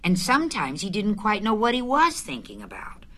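A woman narrating a storybook chapter aloud in an expressive, unhurried way. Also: mid-range voice.

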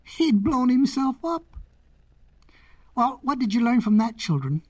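A storyteller reading a fable aloud to children in a dramatic, expressive way with playful asides. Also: medium pitch, measured pace, noisy background.

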